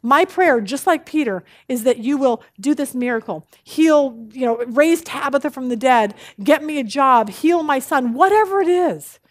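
A woman teaching a women's Bible study, animated and expressive, telling jokes as she speaks. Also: high-pitched, moderate pace, few pauses, no room sound, studio quality.

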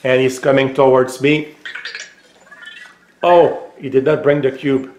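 A man with a French accent, casually demonstrating a gadget at home, hesitant with many filler pauses. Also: mid-range voice, flat delivery, darkish tone, echoey room, a little hiss or hum. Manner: raises voice for voice commands. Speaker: tech reviewer. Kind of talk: casual product demo. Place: home room.

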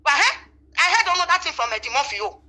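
Emphatic Nigerian woman, high and fast. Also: very animated, pushed and bright. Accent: Nigerian Pidgin English. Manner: emphatic and repetitive, swearing oaths. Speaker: interviewee denying a voice recording. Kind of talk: phone interview.

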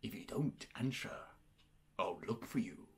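A man doing a cold, low-voiced hunter. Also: animated, slightly rough, full character voice. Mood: menacing. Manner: low, slow and quietly threatening. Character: cold, menacing male hunter making threats. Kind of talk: prank call impression.

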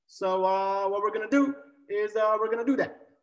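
A man putting on an impression of a measured former head of state, speaking slowly with deliberate pauses and drawn-out fillers. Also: high-pitched, distant mic, muffled recording, pitched above the performer's own voice, natural voice. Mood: mock-presidential. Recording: echoey room with long reverb.

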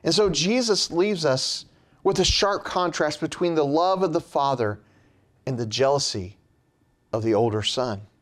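A man preaching a sermon in a slow, measured way, his pitch dropping at the end of phrases. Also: expressive, fairly bright tone.

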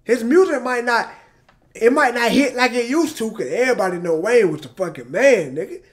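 A man reacting to music on his channel, excitable and emotional, shouting and exclaiming and talking straight to his viewers. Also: extremely high pitch, fairly quick. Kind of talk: casual reaction commentary.

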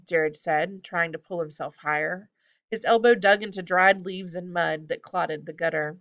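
A woman narrating a storybook aloud with a steady, clear reading. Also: fairly low pitch, moderate pace, highs cut off. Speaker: audiobook reader.

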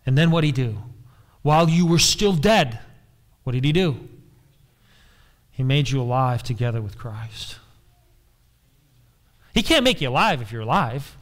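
A man's voice: medium pitch, big pitch swings, measured pace, long pauses. A man preaching a sermon as pastor, emphatic, repeating key phrases and putting questions to the congregation.

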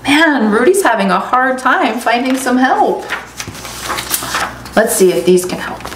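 Brief: playful story-time librarian, woman, unhurried and sing-song, roomy sound with faint noise. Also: sits high, big pitch swings. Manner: playful, coaxing kids to join in. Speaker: children's librarian. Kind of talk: children's story time reading. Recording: echoey room, faint noise.

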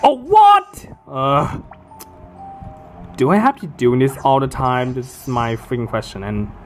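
A man's voice: mid-range voice, measured pace, soft background music. A man giving casual commentary while he plays a video game, often exasperated, swearing and exclaiming at the game. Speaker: let's play gamer.

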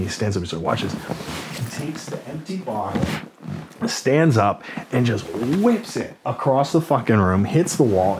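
A man's voice: fairly low pitch, a little hiss or hum. A man in his forties, a podcast guest, telling a story in a profane, rambling way, full of fillers and acted-out quotes. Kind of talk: casual storytelling.

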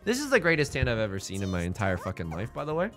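A man's voice: on the low side, huge pitch swings, very fast, fairly bright tone, soft background music. A male streamer giving casual, joking commentary on his game and reading chat in a playful, self-mocking way.

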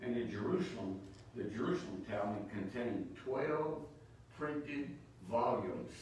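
With a low-pitched, darkish voice, a man teaches Bible study as a preacher, pressing his listeners with rhetorical questions in an emphatic sermon. The microphone is distant, so his words ring through a very echoey church, with faint noise humming beneath.

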